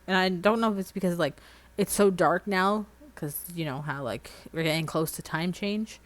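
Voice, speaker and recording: A woman in her thirties chatting casually on a livestream while doing nails, rambling through animated everyday stories. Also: fairly low pitch, normal speed, poor audio. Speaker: streamer.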